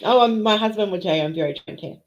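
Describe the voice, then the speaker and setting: A woman's voice: mid-range voice, quick pace. A woman hosting a casual live chat with viewers, emotional and teary, greeting people by name. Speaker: livestream host. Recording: dull lo-fi stream audio.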